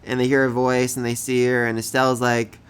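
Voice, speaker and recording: A man giving casual review commentary on a comic chapter, enthusiastic, often laughing and repeating words when excited. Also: mid-range voice, fairly quick, smooth.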